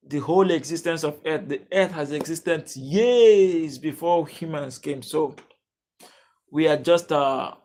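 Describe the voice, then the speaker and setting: Nigerian male stream host, casual and talkative, fairly high voice, keeps welcoming chat. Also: darkish tone. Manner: chatty, greets viewers by name, reads chat aloud. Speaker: livestream host.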